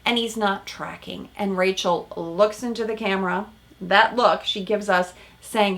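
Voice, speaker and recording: A woman therapist hosting a casual recap of a reality show, animated and emphatic, with frequent "right?" asides. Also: medium pitch, measured pace.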